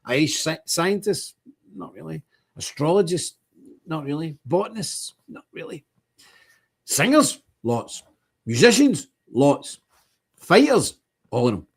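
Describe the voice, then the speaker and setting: A man's voice: on the high side, very animated, slow pace, creaky, long pauses, breathy edge. A man hosting a livestream, talking in a blunt, emphatic, repetitive way. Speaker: streamer host. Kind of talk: casual livestream monologue.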